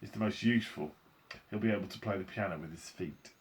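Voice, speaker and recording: A man's voice: on the low side, slight background noise, lightly acted. A man reading a breezy eccentric chocolate maker. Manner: brisk, playful, breezy. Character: eccentric cheerful chocolate maker, brisk and airy.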